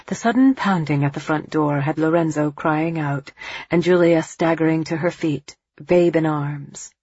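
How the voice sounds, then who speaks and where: A woman narrating an audiobook in a measured, dramatic way. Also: low-pitched, a little mellow, breathy edge, no echo, dull audio.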